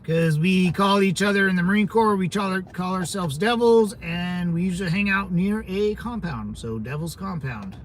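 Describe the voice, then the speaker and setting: A man's voice: high voice, normal speed, hardly any pauses, a little hiss or hum. A young man hosting a casual livestream, chatting with viewers in a laid-back way, laughing often and repeating his phrases. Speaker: livestream host. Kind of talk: casual livestream chat reading comments.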